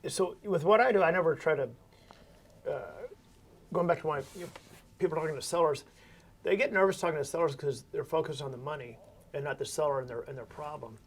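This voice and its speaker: A man's voice: on the high side, a little fast, a little hiss or hum. A man who invests in real estate, explaining his approach in a folksy way with everyday analogies in a casual podcast chat.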